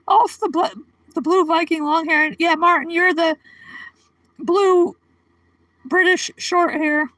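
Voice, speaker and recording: High-voiced woman chatting slowly on a livestream. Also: steady tone, fairly bright tone, no room sound, low-quality recording. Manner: chatty, giggly, talks to viewers by name. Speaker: livestream host. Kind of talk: casual live-stream chat.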